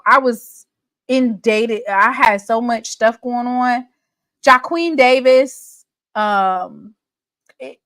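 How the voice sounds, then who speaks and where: A sassy woman hosts a casual sports livestream and teases her viewers. Her voice sits a little high and sounds dry and close to the mic. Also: sharp tone, dry recording. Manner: sassy, gossipy, talks straight to viewers. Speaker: livestream sports show host. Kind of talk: casual live-stream sports talk.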